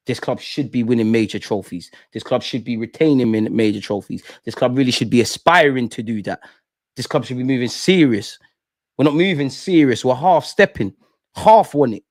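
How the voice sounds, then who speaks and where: A young man with a mid-range voice hosts a live fan channel show, ranting passionately in an emotional stream, repeating himself and using slang. The recording is dry and studio quality.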